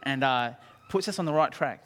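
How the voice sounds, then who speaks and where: A man preaching a sermon, animated, acting out scenes and asking the congregation questions. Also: mid-range voice, normal speed, slight background noise. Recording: reverberant hall.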